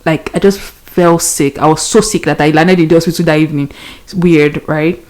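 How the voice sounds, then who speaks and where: A woman's voice: sits low, fairly even intonation, normal speed, darkish tone. A young Nigerian woman hosting a podcast, telling a story casually and animatedly, laughing often and mixing in pidgin. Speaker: podcast host.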